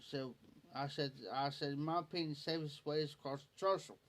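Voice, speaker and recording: A man with a rural Ohio accent laughs his way through a homespun story during a late-night livestream. His voice is fairly high, fairly bright and steady, and he talks fairly quickly.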